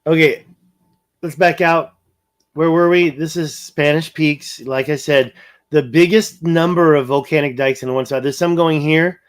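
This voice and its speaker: A man's voice: on the high side, fairly even intonation, measured pace. A man hosting a casual livestream, thinking aloud as he pans over a map and reads viewer comments. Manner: rambling, thinking aloud, reading viewer chat. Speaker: livestream host.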